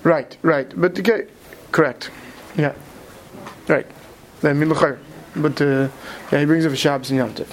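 A man leads a study lecture, speaking quickly and often pausing to check in with his listeners. His voice sits fairly high. A light hiss runs under the recording. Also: steady tone. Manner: quick, mixes Hebrew terms into English, many "right?" checks. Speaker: Torah teacher.

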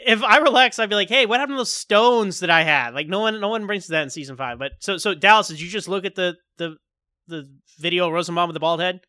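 In a casual podcast chat, a male host with a high voice talks animatedly and quickly, laughing often. The audio is studio quality with no echo.

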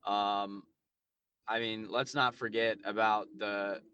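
A man co-hosting a podcast, talking excitedly about hockey and often restarting his sentences. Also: fairly low pitch, slow, dull audio, background noise. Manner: excitable, repeats himself with restarts. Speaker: podcast co-host. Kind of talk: casual sports chat.

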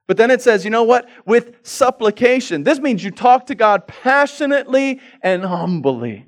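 A male pastor delivering a sermon, moving from quiet reflection to loud, fervent passages and acting out inner voices and prayers. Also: high-pitched, expressive, brisk, few pauses. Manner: swings from quiet reflection to loud, rising passion.

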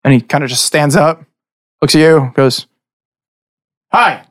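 A man's voice: a little high, steady tone, normal speed, dry recording. Guy game-mastering a tabletop game, casual rambling narration, dry close mic. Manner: loose, chatty narration with frequent restarts.

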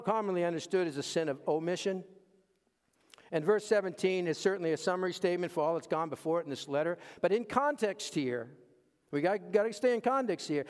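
High-voiced man preaching in a reverberant hall. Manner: emphatic, repeats key phrases, swings between quiet asides and raised punchlines. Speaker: pastor. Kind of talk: sermon. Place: church sanctuary. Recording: long reverb of a large hall.

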